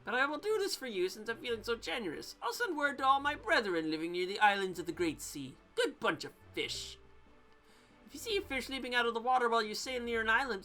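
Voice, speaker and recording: A woman's voice: on the high side, pushed and bright, pitched above the performer's own voice. A woman voicing a pushy, condescending male talking fish in a video game, reading his lines aloud. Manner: bossy, heckling, condescending.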